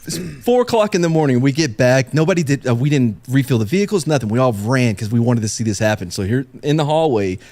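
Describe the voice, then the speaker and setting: A man telling a profane war story on a casual podcast, acting out the people he quotes. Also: medium pitch. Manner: animated, profane, acts out quoted voices.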